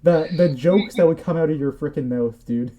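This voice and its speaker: A man's voice: fairly high pitch, moderate pace, muffled recording. A man co-hosting a casual livestream chat, joking and teasing in a loose, rambling way. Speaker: podcast co-host.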